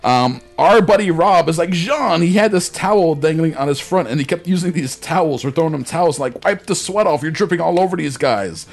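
Animated, swearing podcast host. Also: male voice, on the high side, brisk, few pauses. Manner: animated, profane anecdote telling. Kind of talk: casual storytelling chat.

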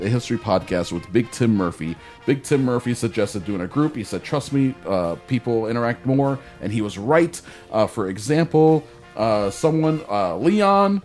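A man's voice: mid-range voice, a little mellow. Rambling male podcast host. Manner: rambling, self-correcting plugs. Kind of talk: casual podcast chat.

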